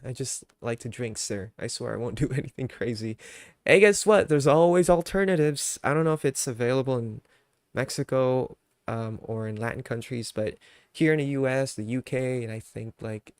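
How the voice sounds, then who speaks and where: A male streamer in casual chat, laid-back and rambling with many fillers, quick to laugh. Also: medium pitch, dry recording.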